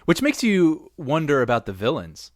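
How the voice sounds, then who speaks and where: A man co-hosting a casual movie podcast, agreeable and animated, with frequent yeahs. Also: on the high side, moderate pace, no room sound, studio quality. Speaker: podcast co-host. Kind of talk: casual chat.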